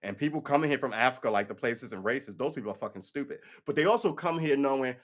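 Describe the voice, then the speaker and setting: A medium-pitched podcast host talks fast with lively intonation and hardly any pauses during a casual solo livestream. He speaks off the cuff, bluntly and ramblingly, often restarting and swearing now and then.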